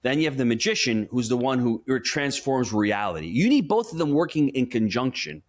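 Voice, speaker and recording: A male money coach speaks with a lively, swinging pitch that rises and falls as he makes his points. He tells stories and coaches the listener in an emphatic, conversational way, sounding like a podcast guest in full flow. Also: a little fast. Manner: animated storyteller, emphatic and coaching. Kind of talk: conversational interview.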